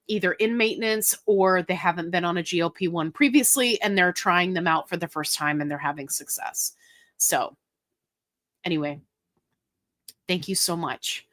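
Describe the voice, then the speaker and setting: A woman's voice: lowish voice, a bit bright, no echo. Casting: woman, livestream host, chatty and laughing, dry close sound. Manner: chatty, laughs often, talks straight to viewers. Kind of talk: casual live chat answering viewer questions.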